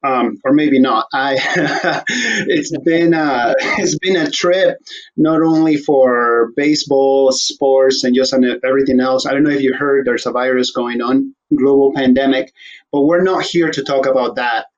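A man's voice: mid-range voice, fairly even intonation, measured pace. Joking male host, slightly dull audio. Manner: joking, rambling, laughs often. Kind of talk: casual interview chat.

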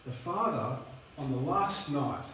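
Chatty preacher in a very echoey hall. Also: male voice, on the high side, lively intonation, unhurried, bright, forceful tone. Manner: chatty, rambling, many fillers. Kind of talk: sermon storytelling. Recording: echoey hall, distant mic, faint hum.

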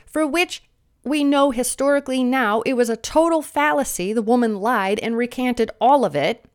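A woman in her thirties delivering a sarcastic, mocking political commentary monologue, a little sniffly, lecturing her listeners. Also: moderate pace. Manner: mimics opponents in shrill voices.

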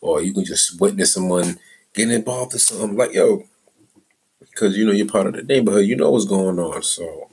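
A middle-aged man with a very low, husky voice talks off the cuff as a podcast host. His street-style chat is loose and profane, sliding from muttered asides into heated rants. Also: a little fast, a little mellow, rough recording. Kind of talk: casual rambling monologue.

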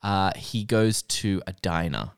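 A man in casual chat, telling a rambling, animated story. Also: low-pitched, unhurried, smooth, no echo, studio quality. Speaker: podcast host recapping a show.

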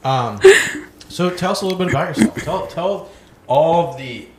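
Animated laughing podcast host man. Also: fairly high pitch, normal speed, over a noisy crowd. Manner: animated, laughs often, acts out quoted voices. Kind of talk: casual comedy podcast chat.

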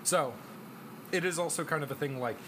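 A man's voice: fairly high pitch, fairly quick, noisy background. A young man co-hosting a casual movie podcast, telling stories loosely and laughing along. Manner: laughing, loose storytelling with swearing. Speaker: podcast co-host. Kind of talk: casual chat.

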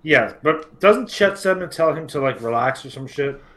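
A man's voice: fairly high pitch, animated, normal speed, pushed and bright. A man co-hosting a podcast, tossing crude joking remarks into casual chat. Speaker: podcast co-host.

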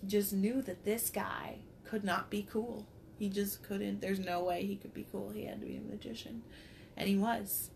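A woman co-hosting a podcast, telling a story in an animated way, laughing often and swearing casually. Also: medium pitch, moderate pace, creaky, a little hiss or hum. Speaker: podcast co-host.

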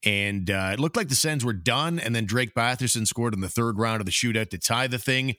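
An upbeat man hosting a casual sports podcast, his voice bright and forward. The sound is close and dry, with no room around it. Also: medium pitch, brisk, dry recording. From Canada. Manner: upbeat, rattles off sponsor and member names. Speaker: podcast co-host.

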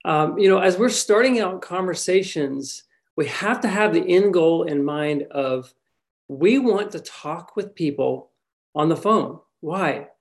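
Gravelly man opening a training. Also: high-pitched, expressive, a little slow. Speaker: trainer presenting on a call. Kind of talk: casual training talk.

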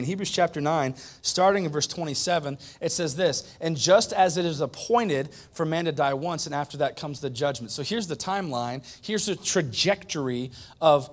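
A male pastor preaching a conversational sermon, repeating points for emphasis. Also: on the high side. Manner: conversational, emphatic repetition, animated.

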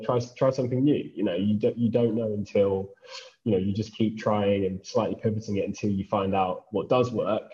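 A man's voice: fairly low pitch, mellow, lo-fi sound. A man hosting a podcast, chatting casually with eager, stumbling restarts. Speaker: podcast host.

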